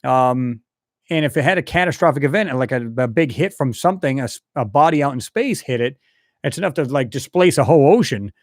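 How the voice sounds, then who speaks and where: A man hosting a live stream rambles casually while reading out viewer comments and answering the chat. His medium-pitched voice has lively intonation and moves a little fast, with clean studio sound and no echo.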